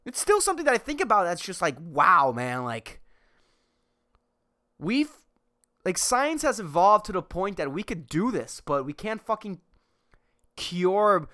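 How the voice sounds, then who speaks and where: A man's voice: sits high, big pitch swings, measured pace, pauses often, pushed and bright. Profane, exasperated man ranting solo. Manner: profane, rambling, laughs at his own jokes; exasperated, agitated. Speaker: podcast host. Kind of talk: solo comedic rant.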